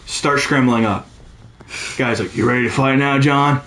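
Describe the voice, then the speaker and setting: A man's voice: mid-range voice, fairly even intonation, moderate pace, fairly bright tone, echoey room, slight background noise. A young man co-hosting a casual podcast, ranting animatedly and swearing freely. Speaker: podcast co-host. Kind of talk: casual chat.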